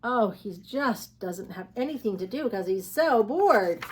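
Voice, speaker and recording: A woman's voice: medium pitch, expressive, measured pace, hardly any pauses, slightly rough. A woman teaching preschoolers and reading them a picture book aloud, in a coaxing, sing-song way that keeps asking the child questions. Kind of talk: read-aloud for young children.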